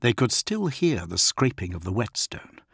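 A man reading an audiobook as narrator, measured and quiet. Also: fairly low pitch, very animated, gravelly, breathy edge, no echo, studio quality. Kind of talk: scripted narration.

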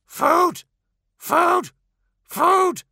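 Shrill cackling hungry crows. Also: male voice, drawn-out words, vocal fry, bright, forceful tone, no echo, clean studio sound, heavily acted. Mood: greedy squawking. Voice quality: shrill, squawking.

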